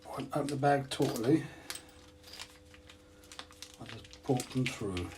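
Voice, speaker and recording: A man's voice: medium pitch, a little slow, noisy background. A man from the UK hosting a hobby channel, chatting casually with viewers while unboxing parts, self-deprecating and laughing often.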